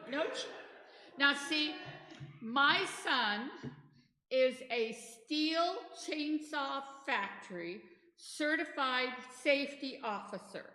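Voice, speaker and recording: Bright-voiced woman in an echoey hall. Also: sits high, animated, slow pace. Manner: chatty, storytelling with asides. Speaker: disaster response trainer. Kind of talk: church training presentation. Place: church hall.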